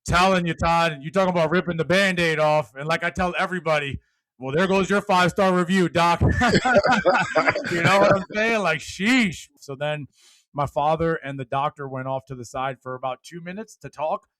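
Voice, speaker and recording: A man in an interview, telling his own story with lively energy that rises and falls. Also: fairly high pitch, brisk, no room sound. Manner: animated, gets loud and laughs when telling a punchline. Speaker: guest speaker.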